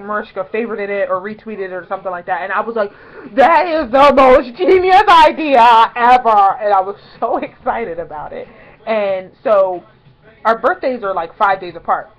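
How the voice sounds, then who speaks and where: A young woman vlogger telling a story in a casual, chatty way, excitedly acting out quotes in higher voices. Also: brisk, poor audio.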